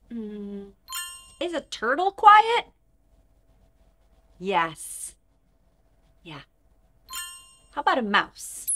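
Bubbly high-voiced woman teaching toddlers. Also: extremely slow, long pauses. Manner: animated, exaggerated and sing-song, with big swings between loud and whispered. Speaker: children's show host and teacher. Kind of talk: teaching toddlers first words. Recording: music playing behind.

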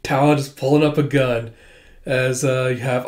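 A man casually walking through a comic chapter, chatty and often breaking into laughter. His voice sits at an ordinary middle pitch and is full of fillers. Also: steady tone, a little slow, darkish tone. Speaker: comic read-through host. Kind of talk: casual commentary.

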